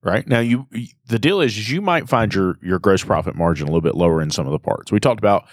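A man's voice: fairly low pitch, expressive, fast, no room sound, clean studio sound. A man talking through repair shop pricing and scheduling, checking in with "right?" after each point. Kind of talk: casual business chat.

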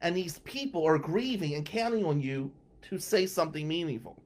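Animated man telling a story. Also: on the high side, normal speed. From New Jersey. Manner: animated, acts out the voices of people in his story. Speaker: podcast guest. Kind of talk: storytelling anecdote.

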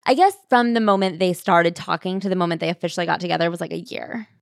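A woman's voice: on the low side, fast, creaky, dry recording. A woman co-hosting a casual book-recap chat, adding dry, wry remarks as she tells parts of the story. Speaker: podcast co-host.

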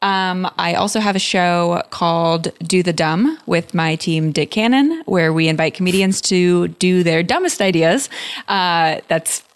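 A woman comedian and improviser talks as a podcast guest, relaxed and halting, with frequent ums. Her voice sits a little low. The sound is dry and close-miked. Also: clear, resonant tone, no echo. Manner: easygoing, halting, with many ums. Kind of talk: casual interview chat.

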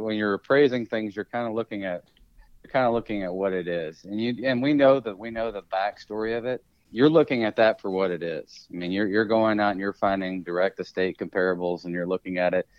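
A man's voice: on the low side, a little fast, no room sound, highs cut off. A man, an appraiser and auctioneer, explaining his work in a podcast interview, with many restarts and fillers.

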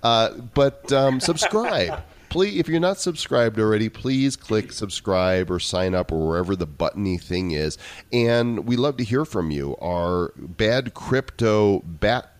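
A man's voice: fairly low pitch, expressive, unhurried, dry recording. A man co-hosting a podcast in a playful, goofy, sing-song way. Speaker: podcast co-host. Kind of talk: casual podcast banter.

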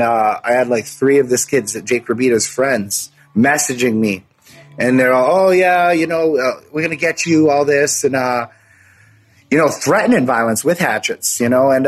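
A man's voice: mid-range voice, husky. A young man, bluntly recounting a story in casual, profane talk with plenty of fillers. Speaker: interviewee recounting an assault. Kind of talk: casual first-person storytelling.

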